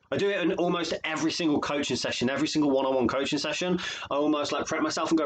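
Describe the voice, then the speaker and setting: Earnest husky life coach. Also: male voice, on the high side, fast, low-quality recording. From England. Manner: earnest, emotional, repeats phrases for emphasis. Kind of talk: motivational video monologue.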